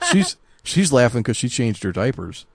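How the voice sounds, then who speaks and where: A man co-hosting a podcast, mostly giving short replies and slipping in slow, dry teasing remarks. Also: medium pitch, big pitch swings, vocal fry, no echo. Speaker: podcast co-host. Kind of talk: casual chat, reactions.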